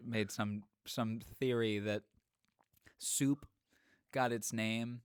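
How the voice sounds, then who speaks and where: A man's voice: on the low side, steady tone, drawn-out words, clear, resonant tone, no room sound, studio quality. A man co-hosting a podcast in casual chat, loose and jokey, often restarting his sentences. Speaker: podcast co-host.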